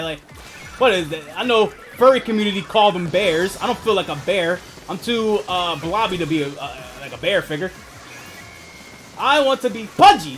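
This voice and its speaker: Young male streamer, casual and profane, very animated delivery over faint game music. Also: high voice. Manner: profane, rambling, laughs often. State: asthmatic. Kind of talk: casual gaming stream chat.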